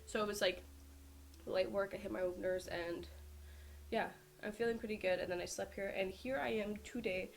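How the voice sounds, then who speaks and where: A woman's voice: medium pitch, fairly even intonation, moderate pace, creaky, a little hiss or hum. Chatty young woman telling a vlog story. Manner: chatty, lots of "like" fillers. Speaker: powerlifter vlogger.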